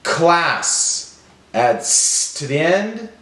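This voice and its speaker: Male teacher, deliberate drill delivery, very slow with a lively pitch, roomy sound. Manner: slow, drawn-out, deliberate enunciation. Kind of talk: phonemic awareness drill.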